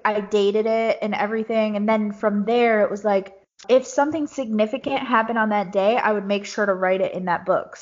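A woman co-hosting a podcast in casual chat, talkative and quick to laugh. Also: medium pitch, fairly even intonation. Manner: chatty, laughs easily. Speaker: podcast co-host. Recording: dull lo-fi recording.

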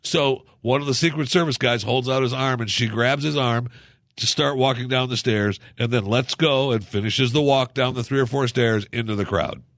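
A man's voice: mid-range voice, moderate pace, fairly bright tone, dry recording, clean studio sound. A man giving casual political commentary as a podcast host, in a sarcastic, ranting, mocking manner.

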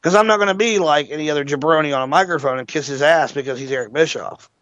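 A man's voice: on the high side, fast, no room sound. A man hosting an internet radio show, telling a long story casually and with plenty of swearing. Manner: profane, animated anecdote teller. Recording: dull lo-fi internet radio audio.

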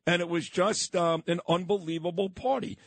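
Telling stories with a nostalgic feel, this Brooklyn-born radio host, a middle-aged man, chats casually on his morning show. He has a high voice with fairly even intonation and a moderate pace, recorded without echo.

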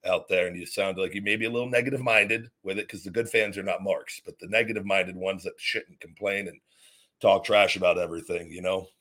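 A man's voice: low-pitched, fairly even intonation, brisk, a bit bright. A man hosting a podcast, reacting casually to a listener's promo and often stumbling over and repeating words. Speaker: podcast host.

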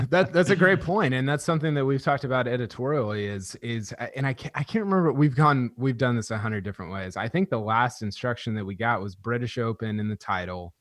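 A man's voice: fairly low pitch, a bit bright, dry recording, studio quality. A man hosting a casual podcast chat, rambling and leaning heavily on filler words.

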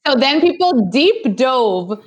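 A young woman co-hosting a casual gossip podcast, talking in an animated way with lots of fillers and quick mock impressions. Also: sits high. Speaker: podcast co-host.

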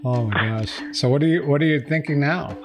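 Over music, a man hosts a true-crime podcast, narrating updates, reading text messages aloud, and chatting conversationally with a guest. His voice sits on the high side and moves briskly.

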